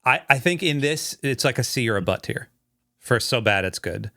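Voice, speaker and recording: A man's voice: mid-range voice, animated, moderate pace, pushed and bright, no room sound, studio quality. A man co-hosting a podcast, chatting casually, asking easygoing questions and giving short agreements. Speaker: podcast co-host. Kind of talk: casual chat.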